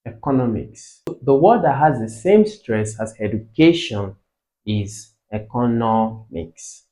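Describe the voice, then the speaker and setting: A man with a Nigerian English accent tutoring exam English, slowly repeating words to drill their pronunciation. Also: medium pitch, big pitch swings, dark tone, rough recording. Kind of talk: tutorial explanation.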